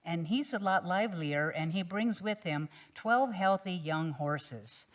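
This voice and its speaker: A woman minister telling a parable during a sermon in a relaxed, gentle storytelling manner. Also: lowish voice, a little slow.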